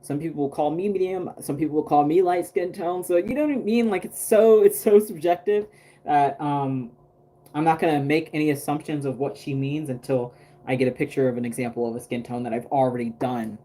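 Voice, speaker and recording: A man's voice: on the high side, steady tone, a little fast, dark tone. A man chatting casually on a livestream while he paints a doll, rambling with lots of fillers and restarts.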